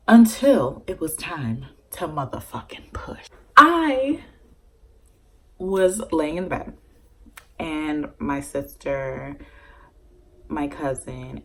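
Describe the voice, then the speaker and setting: A young woman vlogger speaks directly into her camera, telling a loose, animated story-time and swearing freely in this casual vlog. Her voice sits a little low for a woman and sounds husky, and the audio quality is poor.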